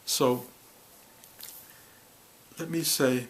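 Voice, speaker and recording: A man speaking as a spiritual teacher to a gathering, earnest and heartfelt, in short halting phrases. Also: mid-range voice, steady tone, slight background noise, rough recording. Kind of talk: reflective spiritual talk to a gathering.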